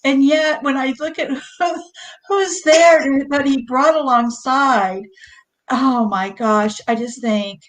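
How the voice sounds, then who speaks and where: A woman co-hosting a casual faith chat, conversational and quick to laugh. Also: high-pitched, a little hiss or hum, poor audio. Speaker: co-host.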